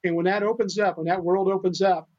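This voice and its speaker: A man's voice: high-pitched, fairly even intonation, quick pace. An older man from the United States, a guest on a podcast, telling rescue stories in an earnest, rambling way with many restarts. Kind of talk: casual interview storytelling. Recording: dull lo-fi remote audio.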